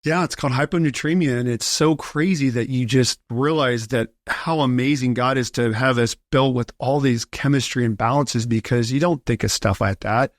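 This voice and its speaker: A man's voice: mid-range voice, moderate pace, few pauses, no room sound. Man telling a story in a dry studio. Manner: animated, acts out quoted voices in his story. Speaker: podcast guest. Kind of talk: casual storytelling.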